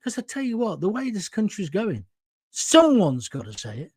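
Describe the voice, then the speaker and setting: A high-pitched man hosts a ranting political livestream and talks straight to his audience. He is blunt and combative, and sounds dry and close with no room echo. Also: huge pitch swings, normal speed, a little mellow, slightly rough. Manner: blunt, combative, addresses viewers directly. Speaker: livestream host.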